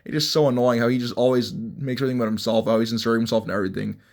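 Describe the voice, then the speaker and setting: Speaking very fast with fairly even intonation at a medium pitch, a young MMA commentary vlogger rants casually about fights. His take is blunt and mocking, and he rambles with frequent restarts.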